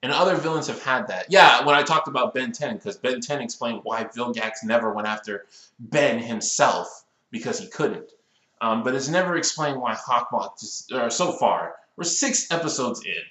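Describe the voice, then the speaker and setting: A man in his twenties reviewing a cartoon episode in a casual rant, complaining in an exasperated, animated way that builds into outbursts. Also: medium pitch, normal speed, reverberant, poor audio. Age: 20s.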